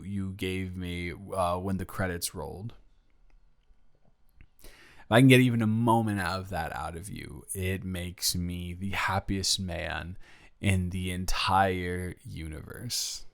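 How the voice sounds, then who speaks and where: A man's voice: low voice, fairly even intonation, slow. A young man improvising a romantic audio roleplay, telling a story in a playful, teasing, rambling way.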